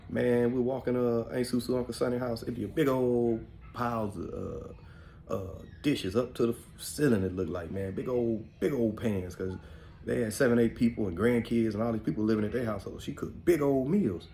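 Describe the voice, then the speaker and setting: A man's voice: on the low side, mellow, a little hiss or hum. A middle-aged man with an African American Vernacular English accent, rambling through family memories in casual talk, full of "man" and "you know". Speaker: podcast host. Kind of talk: casual storytelling monologue.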